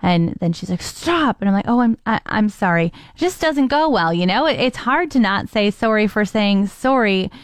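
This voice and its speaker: A young adult woman chats through her morning show segment in a self-deprecating storytelling way. Her voice is smooth and clean, recorded close and dry with no room sound. Her pitch sits in a middle range. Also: expressive, moderate pace, hardly any pauses, dry recording. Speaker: radio morning show host. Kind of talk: casual chat.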